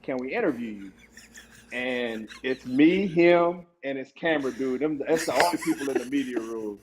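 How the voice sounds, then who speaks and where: A man's voice: medium pitch, moderate pace. A man telling a story as a podcast guest, laughing often and acting out what people said. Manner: laughs often, animated retelling with quoted voices. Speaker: guest, former running back. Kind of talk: casual storytelling. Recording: noisy background.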